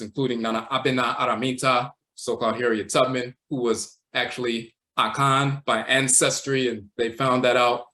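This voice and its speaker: A man teaching a livestream lecture, walking slowly through words and terms, repeating them and often tacking on "and so forth.". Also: mid-range voice, a bit bright. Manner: measured, repeats terms and says "and so forth" a lot. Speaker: teacher of a spiritual tradition.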